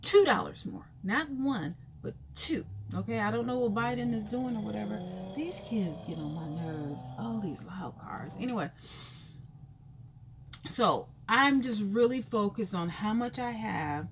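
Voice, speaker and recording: A woman vlogger telling a personal story in a casual, rambling way, full of fillers, her pitch leaping when she acts out reactions. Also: unhurried, slight background noise. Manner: chatty and rambling, full of "you know" fillers; animated, jumps high in pitch when acting out reactions.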